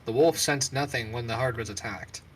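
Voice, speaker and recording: Loud, declaiming male role-player. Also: medium pitch, moderate pace, slight background noise, rough recording. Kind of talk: in-character tabletop role-play.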